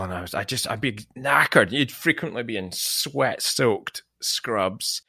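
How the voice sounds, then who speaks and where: A man hosting a podcast, chatting casually and telling animated stories, sometimes dropping to a hushed near-whisper. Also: on the low side, moderate pace, hardly any pauses, husky, no echo, clean studio sound. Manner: animated storyteller, drops to a hushed near-whisper when savoring a memory. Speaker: podcast host. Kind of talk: casual chat.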